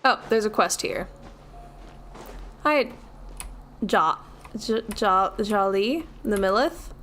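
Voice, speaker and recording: A woman's voice: medium pitch, expressive, slow, pauses often, a bit bright, a little hiss or hum. A woman from the US, a streamer, chatting casually and jokingly while she plays a game. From Seattle, US. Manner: jokey and self-mocking. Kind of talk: casual gaming commentary.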